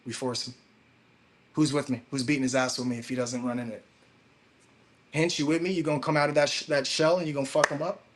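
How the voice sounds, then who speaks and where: A man's voice: medium pitch, level tone, fast, long pauses, slight background noise. A man hosting a crypto livestream, telling a story in a casual, profane, slangy way.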